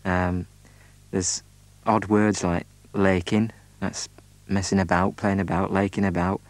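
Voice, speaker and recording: A man speaks in a very low voice, pausing often with ums and uhs as he explains things in a measured way. The sound is close and dry, with no room around it. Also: level tone, no echo. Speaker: speaker describing his home county. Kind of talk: unscripted spoken description.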